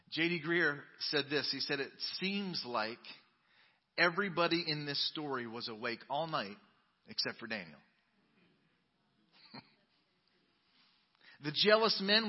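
A male pastor preaching a sermon, reading scripture dramatically and swinging between booming emphasis and soft asides. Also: long reverb tail, muffled recording. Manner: dramatic Bible reading with sudden loud and quiet turns. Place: church sanctuary.

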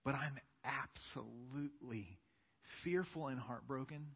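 A man's voice: mid-range voice, a little slow, gravelly, breathy edge. Earnest preaching man, echoing church hall. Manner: earnest, emphatic preaching with rising build-ups. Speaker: pastor. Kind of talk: sermon. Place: church sanctuary with seats. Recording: dull sound with long church-hall reverb.

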